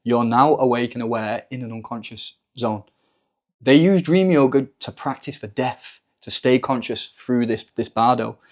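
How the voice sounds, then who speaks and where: A man's voice: medium pitch, normal speed. A man chatting as a podcast guest, talking thoughtfully in a rambling way with many fillers. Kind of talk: casual spiritual discussion.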